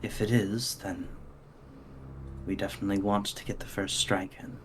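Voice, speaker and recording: Relaxed low-voiced man running a tabletop game. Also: normal speed, slight background noise. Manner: easygoing, prone to laughing. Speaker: dungeon master. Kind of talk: narrating an online tabletop game.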